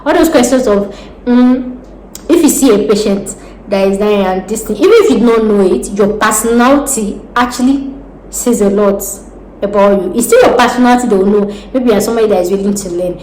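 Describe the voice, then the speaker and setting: Animated Nigerian woman, roomy echo. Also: medium pitch, a little fast. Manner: animated, talks with her hands, laughs often. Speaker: vlogger giving job advice. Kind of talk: casual advice vlog. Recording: roomy echo with faint background noise.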